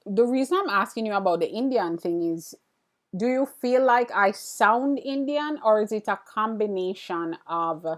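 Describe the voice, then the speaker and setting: A woman with an Antiguan accent hosting a live stream, chatting casually and with curiosity as she answers viewer comments. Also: medium pitch. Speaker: livestream host.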